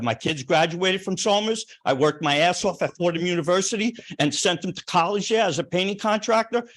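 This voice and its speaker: An older man speaking at a town planning board hearing, plainspoken, emotional and repetitive as he objects. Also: on the high side. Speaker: resident speaking at a public hearing. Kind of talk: impassioned public comment. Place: town meeting room.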